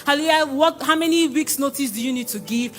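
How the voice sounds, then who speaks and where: A young Nigerian woman giving an excited church testimony, exclaiming and repeating phrases. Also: high voice, quick pace. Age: young adult.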